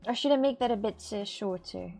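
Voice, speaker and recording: A woman's voice: medium pitch, a little fast, vocal fry, dark tone, faint music behind. A woman making clay crafts on a live stream, rambling and repeating herself as she talks to her viewers, with a lilt. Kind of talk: casual live-stream chat.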